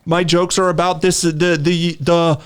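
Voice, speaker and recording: A man's voice: fairly high pitch, flat delivery, measured pace, smooth. A young man co-hosting a podcast in casual chat, blunt, profane and sarcastic. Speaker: podcast co-host.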